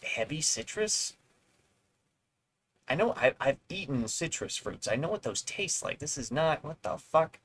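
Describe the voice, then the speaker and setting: A man's voice: a little high, big pitch swings, a little slow, fairly bright tone, breathy edge, low-quality recording. A male streamer reading an article aloud with rambling, sarcastic asides. He swears now and then and trips over words as he reads. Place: home streaming setup.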